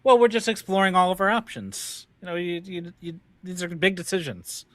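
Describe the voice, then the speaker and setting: A man's voice: sits high, moderate pace, a bit bright, no room sound. A man playing a tabletop game, talking in a hesitant, wheedling way with many fillers. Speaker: player. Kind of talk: casual tabletop game chat.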